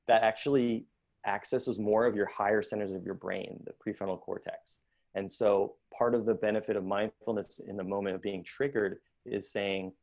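A man, an emotion-focused therapist, giving a calm, measured talk on mindfulness in an online workshop. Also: lowish voice.

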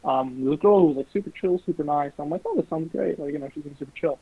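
A young man casually telling animated, sweary stories about his dating life. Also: a little high, fast talker, breathy edge, no echo. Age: young adult. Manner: animated, swearing, mimics voices in quotes. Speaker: guest. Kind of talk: casual storytelling. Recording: lo-fi phone-like recording.

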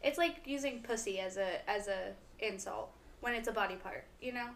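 A woman's voice: mid-range voice, normal speed, slight background noise. A woman in a casual chat, talking animatedly and acting out different tones of voice. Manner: animated, acts out different inflections.

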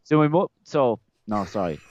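With an expressive, mid-range voice at a moderate pace, a young podcast guest from Ireland rambles through casual stories. He laughs a lot and repeats himself, all captured on a dry, slightly dull close mic.

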